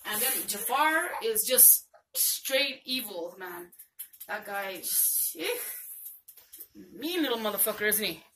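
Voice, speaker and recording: An older woman with a bright, forceful voice chats excitedly about her gifts, gushing and full of slang, her voice a bit hoarse. She sits a little back from the mic, and faint noise hums behind her at home. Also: medium pitch, slow pace, distant mic. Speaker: vlogger. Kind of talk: casual vlog chat. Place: home, indoors.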